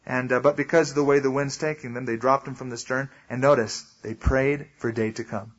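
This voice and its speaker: A man's voice: medium pitch, steady tone, fairly quick, muffled recording. A male pastor teaching a verse-by-verse Bible sermon in a conversational way, full of asides and explanations.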